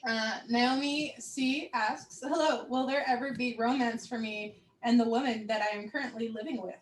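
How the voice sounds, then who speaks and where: A woman hosting a livestream who reads out viewer questions briskly and keeps the show moving. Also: on the high side, steady tone, slight background noise. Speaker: host reading viewer questions.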